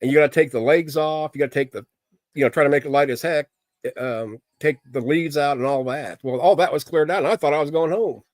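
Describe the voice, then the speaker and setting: A man's voice: a little high, fairly quick, no room sound. Plain-spoken middle-aged man chatting candidly. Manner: rambling, plain-spoken and candid, with frequent fillers. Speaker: livestream host chatting with viewers. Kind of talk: casual livestream chat.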